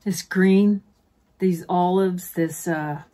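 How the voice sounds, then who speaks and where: A woman's voice: fairly low pitch, steady tone, slow, mellow. A middle-aged woman chatting casually as a beauty vlogger, gushing to her viewers like friends while unboxing at home.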